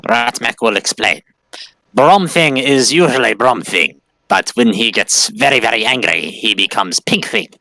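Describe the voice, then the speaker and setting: A man voicing a blunt, brutish male warrior who speaks of himself in the third person in halting, broken phrases. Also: mid-range voice, expressive, gravelly, bright, forceful tone, no room sound, full character voice, poor audio.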